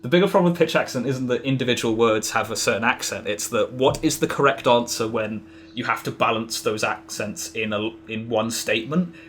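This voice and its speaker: A man's voice: mid-range voice, fairly quick, a bit bright, slight background noise. A man chatting casually as a podcast guest, rambling with lots of fillers and restarts. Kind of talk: casual interview chat.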